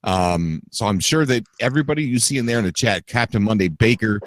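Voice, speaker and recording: A man's voice: lowish voice, a little fast, dry recording. A man hosting a game stream in casual chat, joking and laughing often with his co-hosts. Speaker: streamer host.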